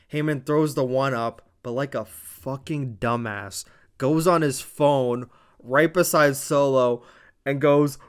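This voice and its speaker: A man with a smooth, resonant voice at an ordinary middle pitch recaps a wrestling show. He tells it blow by blow in an animated, casual way and swears now and then. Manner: animated, blow-by-blow retelling with profanity.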